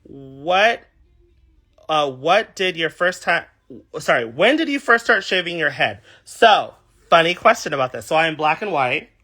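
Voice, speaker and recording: A young man from California talks to viewers on a livestream through his phone. His voice sits a little high and rings bright. His pitch swoops up and down with animated, chatty energy as he reads comments aloud. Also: measured pace. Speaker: drag performer. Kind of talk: casual livestream chat.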